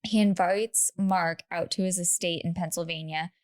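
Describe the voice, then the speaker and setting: A woman's voice: fairly low pitch, steady tone, normal speed, darkish tone. A woman co-hosting a podcast, telling a true story in casual chat with laughing asides and lots of "like".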